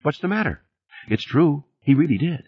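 A frank, breezy woman lover speaks offhand in a raised, lively voice, put on by a male audiobook reader. Her tone is husky and low in fidelity, as on an old, dull cassette tape. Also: moderate pace, no echo.

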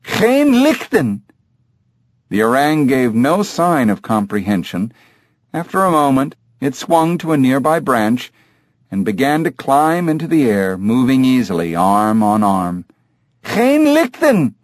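A man narrating a novel in a measured storytelling voice. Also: mid-range voice, lively intonation, no room sound, clean studio sound. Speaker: audiobook narrator. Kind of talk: scripted narration.

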